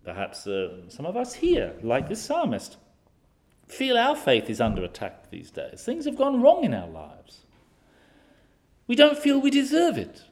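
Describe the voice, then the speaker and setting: Male preacher, lively expository sermon, somewhat high voice, rhetorical questions. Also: unhurried.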